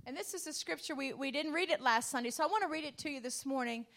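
A woman preaching a sermon from the United States, calling out to the congregation and building to loud, emphatic passion. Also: sits high, fast talker, slight background noise.

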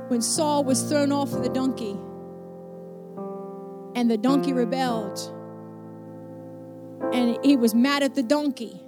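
Woman preaching over soft piano. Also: sits high, fairly even intonation, measured pace, pauses often. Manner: rhythmic preaching with repeated refrains. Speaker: pastor. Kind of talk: sermon. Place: church.

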